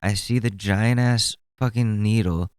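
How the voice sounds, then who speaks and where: Mellow-voiced young man ranting casually. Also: fairly low pitch, a little slow, clean tone, no room sound. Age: 20s. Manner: rambling, exasperated, profane. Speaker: podcast host. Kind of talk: casual solo commentary.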